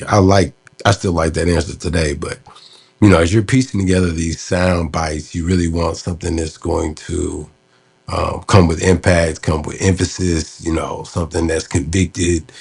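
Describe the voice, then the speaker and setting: A man's voice: low-pitched, steady tone, moderate pace, gravelly, darkish tone, breathy edge. A man casually recalling an interview he did, talking loosely with many fillers. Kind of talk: casual storytelling commentary.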